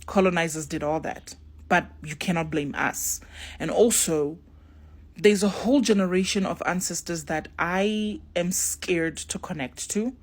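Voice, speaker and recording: A woman's voice: fairly low pitch, unhurried. A young woman tells a spiritual story casually to her viewers and acts out the dialogue. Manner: acts out dialogue in shifting voices, talks straight to viewers.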